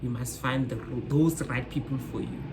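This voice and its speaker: A woman's voice: a bass voice, fairly even intonation, moderate pace, noisy background. A young South African woman vlogging to camera, giving casual advice in an emphatic, repetitive way and addressing her viewers directly. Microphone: phone camera mic.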